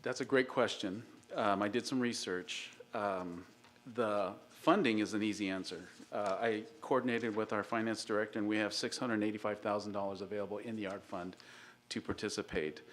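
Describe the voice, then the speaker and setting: A man presenting as city engineer at a public meeting, measured and hesitant with fillers. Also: fairly low pitch.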